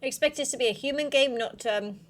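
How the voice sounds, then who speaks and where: A woman talks through a horror game in a let's-play, chatting, reacting aloud, and reading on-screen text. Her voice sits a little higher than average. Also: fast talker. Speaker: gaming video host.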